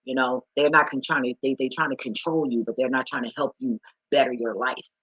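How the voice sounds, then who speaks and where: Husky woman ranting bluntly to camera. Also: extremely low pitch, fairly even intonation, brisk, fairly bright tone, no echo, dull audio. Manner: emphatic, preachy, profane, talks straight to viewer. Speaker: vlogger. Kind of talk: blunt profane advice rant.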